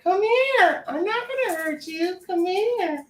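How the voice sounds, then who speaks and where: A shrill coaxing parrot. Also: male voice, animated, slow, full character voice. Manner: shrill sing-song squawk. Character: taunting pet parrot luring its owner. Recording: roomy echo, distant from mic, faint noise.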